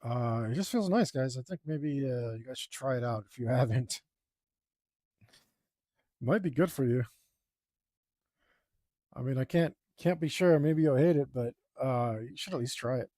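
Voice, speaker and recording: A man's voice: mid-range voice, moderate pace, pauses often, mellow, no room sound, clean studio sound. Self-mocking, rambling man talking while drawing. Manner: rambling, self-deprecating, groans and sighs aloud. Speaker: artist streaming his drawing process. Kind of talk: casual talk while working.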